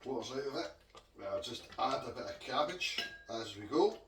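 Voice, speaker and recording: A man's voice: medium pitch, animated, normal speed, heavy background noise. Scottish man, casual cooking vlog, roomy kitchen, mic a bit far off, pots clattering faintly. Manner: chatty, homely, talks to viewers as he cooks. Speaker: home cook vlogger. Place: home kitchen.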